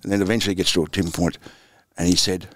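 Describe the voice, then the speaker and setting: A man's voice: low voice, level tone, fast, a little hiss or hum. An Australian man in his sixties, a former footballer and coach, telling anecdotes in a laid-back, chuckling interview style. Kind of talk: storytelling interview.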